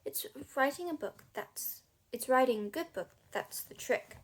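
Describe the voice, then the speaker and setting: A woman reading aloud, voicing a calm, matter-of-fact mother who writes books. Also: sits high, unhurried.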